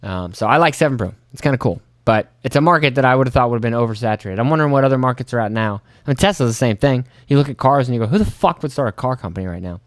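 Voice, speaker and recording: A young man hosting his own podcast, telling rambling, profane stories and acting out his own panicked reactions in jumps to a high voice. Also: racing, few pauses, no echo, studio quality. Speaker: podcast host. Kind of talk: casual solo storytelling.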